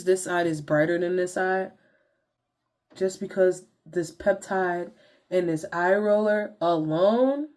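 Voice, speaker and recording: A woman's voice: medium pitch, darkish tone. A young woman vlogger chatting casually to viewers in slangy talk while walking through her skincare routine. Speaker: beauty vlogger.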